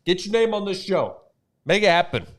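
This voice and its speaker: A man's voice: high-pitched, big pitch swings, moderate pace. A man hosting a casual motorsport podcast, joking around and plugging merch and sponsors. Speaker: podcast host.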